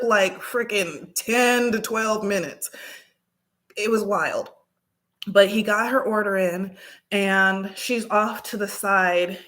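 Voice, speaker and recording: Animated woman telling a story. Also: medium pitch. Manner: animated, acts out dialogue. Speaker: vlogger. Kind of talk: casual storytelling.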